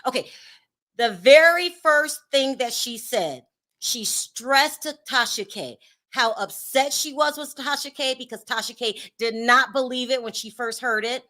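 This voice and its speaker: A woman's voice: sits high, a little slow, bright, forceful tone. A woman hosting a gossip commentary channel, talking bluntly and sassily straight to her viewers. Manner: blunt, sassy, talks straight to the audience.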